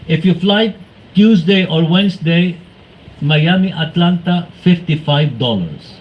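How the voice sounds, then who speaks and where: Man telling devotional stories. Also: a little high. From Venezuela. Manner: animated storytelling, acting out quoted exchanges. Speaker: devotee speaker. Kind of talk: devotional talk with anecdotes. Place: temple hall. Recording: muffled, with faint background noise.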